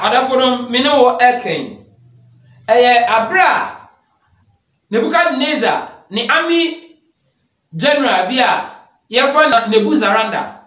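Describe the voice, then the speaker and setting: A man's voice: extremely high pitch, animated, slow, long pauses, sharp tone, echoey room. A man with a Ghanaian accent preaching an emphatic sermon, mixing Twi and English in a declamatory manner.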